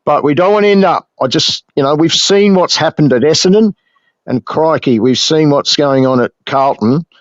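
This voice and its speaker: An Australian man hosting a casual fan chat, measured and filler-heavy, talking at length. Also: a little high, dry recording. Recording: dull dry lo-fi mic.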